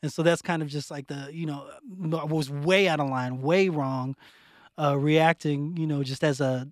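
Animated, laughing man telling stories. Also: fairly high pitch, moderate pace, no echo, clean studio sound. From West Phoenix, Arizona. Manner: animated, laughing storyteller, slangy, many "like"s. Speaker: teacher, podcast co-host. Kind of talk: casual storytelling chat.

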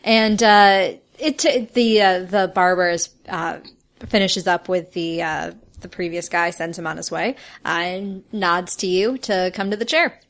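A woman's voice: on the low side, unhurried, a bit bright. A woman narrating as game master, chatty and full of fillers, sometimes voicing the characters.

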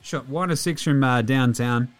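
A man's voice: mid-range voice, normal speed. An Australian man hosting a casual sports podcast, joking and swearing as he rattles off stats. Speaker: podcast host.

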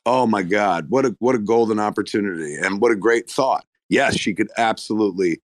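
A man's voice: fairly low pitch, brisk, no room sound. A man chatting casually as a guest on a live online audio room, effusive and profane, talking in bursts with restarts. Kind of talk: casual chat.

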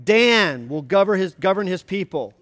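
Measured old patriarch naming his sons , read aloud by a preacher, fairly high voice. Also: expressive, fairly bright tone, no room sound. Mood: declaring.

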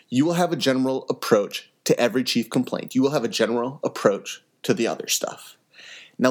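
Young guy doing a med school podcast, earnest storyteller, acts out the dialogue, normal pitch. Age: young adult. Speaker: podcast host, emergency medicine resident. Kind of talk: educational podcast with a personal story.

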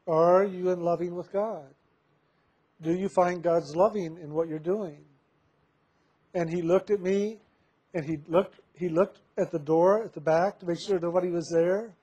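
A man telling a personal story, recounting a conversation and slowing down for emphasis. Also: high voice, darkish tone, muffled recording. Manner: recounts dialogue with many "he said" tags, slows down for emphasis. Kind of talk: storytelling anecdote.

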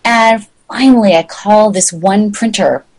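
A middle-aged woman, a magazine founder appearing as an interview guest, tells a chatty, rambling story in an unhurried, slightly mellow voice on a rough recording. She acts out the voices of the people in it with big pitch jumps.

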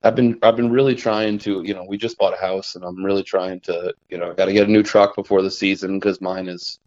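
A young adult man, a trapper appearing as a guest, spins rambling, casual stories in conversation, often starting over and laughing at his own tales. His voice is low and a little mellow, with a flat, slightly fast delivery. The recording sounds muffled.

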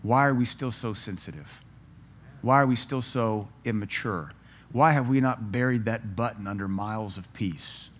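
Animated preacher man. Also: fairly low pitch, moderate pace, a little hiss or hum. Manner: animated storytelling preacher with rhetorical questions. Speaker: pastor. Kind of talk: sermon.

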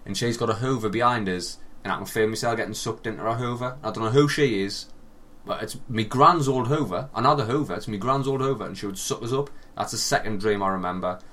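A man's voice: on the low side, fast, hardly any pauses. Sweary Northern English man telling stories. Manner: animated storytelling, acts out quotes, swears a lot. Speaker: podcast co-host. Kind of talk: casual chat.

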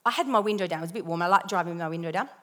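A young woman telling a lively personal testimony with self-deprecating humor as part of a sermon. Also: fairly low pitch, rapid-fire.

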